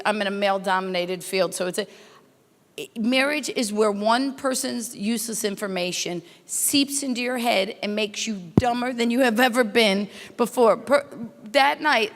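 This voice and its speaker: Her voice sits on the high side with a bit of brightness, bouncing around an echoey hall. She's hosting a corporate welcome night at a hotel conference, working the crowd with brash stand-up, teasing people and rattling off stories at speed.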